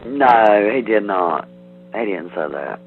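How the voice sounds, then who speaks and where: Man, heated prank-call target, lively pitch, tinny phone line with hiss. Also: takes it slowly. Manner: defensive, threatening, rambling with restarts.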